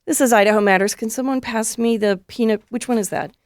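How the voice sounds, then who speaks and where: A woman's voice: fairly high pitch, quick pace, no echo. A woman hosting a radio show in a studio, talking in a playful, chatty, upbeat way. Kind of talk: casual on-air interview.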